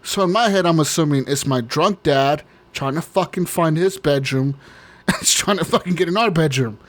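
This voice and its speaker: Man, podcast co-host, casual storytelling, rambling, heavy swearing, frequent laughs, slightly higher voice. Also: normal speed.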